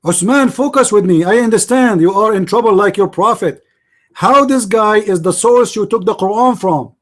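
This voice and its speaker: Man, high-pitched, debate host, emphatic, repetitive. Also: normal speed. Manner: emphatic, repeats points to viewers. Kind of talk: heated live debate.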